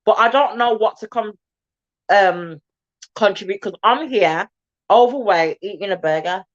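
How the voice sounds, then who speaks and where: A woman's voice: mid-range voice, expressive, a little slow, dull audio. Chatty woman eating on a stream. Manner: chatty, talks while eating with mouth full. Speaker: co-host. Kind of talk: casual live stream chat.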